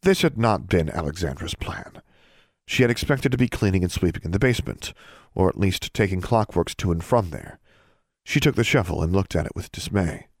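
A man narrating a fantasy audiobook in a steady, even storytelling manner. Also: low voice, a little fast, creaky, dry recording, clean studio sound. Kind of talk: scripted narration.

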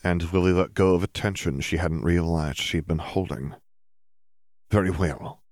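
A man narrating a fantasy story in a steady, even reading. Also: low-pitched, normal speed, dry recording, clean studio sound. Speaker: audiobook narrator. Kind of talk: fan fiction audiobook reading.

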